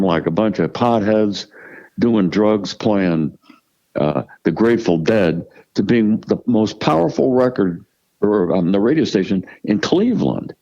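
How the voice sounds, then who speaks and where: Gravelly older man telling blunt stories. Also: lowish voice, warm tone, muffled recording. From United States. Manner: profane, emphatic, restarts and repeats words. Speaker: musician guest. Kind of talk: storytelling interview.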